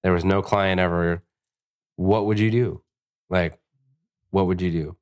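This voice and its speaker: A man with a fairly low voice chats on a tattoo podcast. He rambles through stories and swears freely. The talk stays loose and casual. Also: fairly even intonation, a little slow. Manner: profane, rambling storyteller. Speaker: podcast co-host, tattoo artist. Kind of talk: casual chat.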